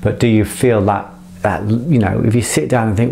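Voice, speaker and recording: A middle-aged man with a fairly low voice speaks in an earnest, impassioned monologue. He swears freely and rambles, often restarting his sentences as he pushes his point. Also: fairly even intonation, moderate pace, vocal fry, warm tone, a little hiss or hum. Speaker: motivational speaker.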